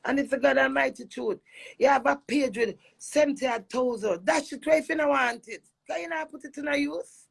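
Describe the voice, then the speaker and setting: A Jamaican dancehall personality airs a heated complaint about her marriage in an emphatic, repetitive monologue mixing patois and English. Her voice is high, gravelly and husky, and she speaks briskly.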